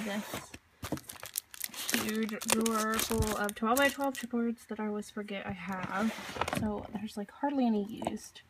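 A woman's voice: medium pitch, very noisy. A woman in her thirties giving a casual, chatty tour of her home craft room, filming as she talks, with lots of fillers and self-deprecating asides. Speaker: craft vlogger.

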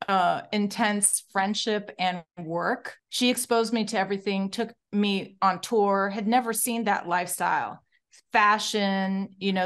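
A woman from Morocco, a guest director, telling stories in an interview, acting out the people she quotes and laughing as she goes. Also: mid-range voice. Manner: animated, acts out quoted voices, laughs while telling. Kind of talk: casual storytelling interview.

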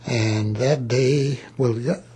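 Very husky old man reminiscing. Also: mid-range voice, fairly even intonation, takes it slowly, dark tone. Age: 80s. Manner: plain-spoken, rambling, with reported dialogue. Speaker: war veteran. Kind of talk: oral history recollection.

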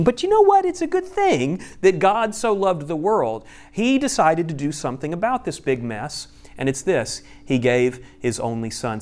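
A male pastor giving a conversational teaching sermon, explaining step by step with friendly asides. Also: a little high. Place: church room with a screen.

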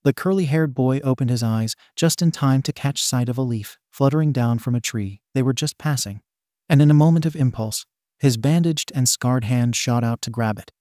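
Mellow man narrating a fanfic. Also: medium pitch, moderate pace, no echo, clean studio sound. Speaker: story narrator. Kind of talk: fan-fiction audiobook narration.

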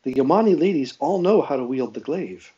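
A steady, earnest girl knight-in-training, as a man reads her lines in a storybook reading, a little higher than his narration. The recording is dull and lo-fi. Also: fairly quick, natural voice. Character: determined, practical young girl page in training.

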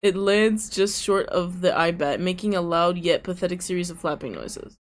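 A woman's voice: on the low side, normal speed. A young woman hosting a gaming video, reading the game's narration aloud and chatting casually with playful, teasing humor. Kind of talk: reading game text aloud, casual commentary.

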